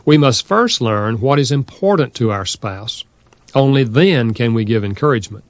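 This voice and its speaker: A man narrating a nonfiction audiobook in a steady, measured reading style. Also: mid-range voice, dry recording.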